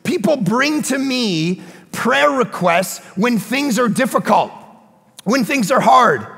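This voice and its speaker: A man preaching a sermon as pastor, telling a story with animated energy and sudden shouted bursts. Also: very high-pitched, measured pace, gravelly, breathy edge, big-room sound. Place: church sanctuary.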